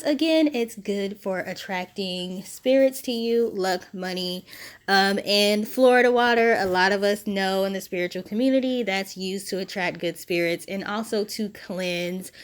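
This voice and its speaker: Breathless woman explaining a DIY recipe. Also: medium pitch. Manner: relaxed, chatty, explains step by step with small laughs. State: short of breath. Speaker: spiritual DIY vlogger. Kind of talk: casual how-to voice-over. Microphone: phone.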